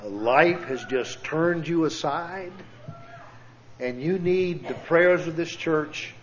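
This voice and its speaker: A man preaching in a church, his voice pitched a little high and his delivery very slow and deliberate. He tells stories and makes earnest, pleading appeals. The recording is dull and lo-fi. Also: a little hiss or hum. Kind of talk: sermon with storytelling. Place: church sanctuary.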